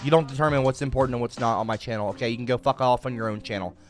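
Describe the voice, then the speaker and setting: A woman's voice: rumbling low, steady tone, very fast, soft background music. A woman livestreamer reading donation messages in casual chat, swinging from dry muttering to shrieking outbursts.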